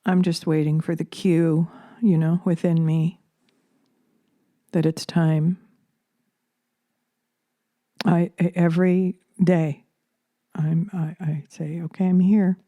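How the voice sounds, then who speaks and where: A woman talking slowly into a close microphone in a soft, reflective spiritual monologue, pausing with fillers and slipping into near-whispers. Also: on the low side, little pitch movement, dry recording. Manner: soft-spoken, drifting into whispers, hesitant fillers. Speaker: spiritual channeler and podcaster.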